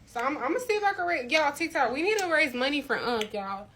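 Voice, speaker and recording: A woman's voice: high-pitched, animated, fast talker. A young woman vlogging on her phone outdoors on city streets, chatty and emotional, talking straight to her viewers. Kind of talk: casual phone vlog. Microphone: phone camera at arm's length. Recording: loud street noise behind.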